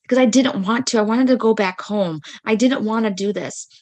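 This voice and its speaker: A woman's voice: on the high side, a little fast, darkish tone. A woman podcast host chatting through personal spiritual stories, full of fillers like "like" and "freaking". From United States. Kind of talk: casual storytelling monologue.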